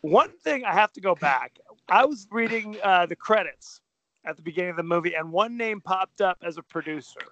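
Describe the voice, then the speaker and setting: High, bright-voiced joking man. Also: animated, moderate pace, no room sound, dull audio. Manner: joking, rambling, self-deprecating. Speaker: podcast co-host. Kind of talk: casual chat.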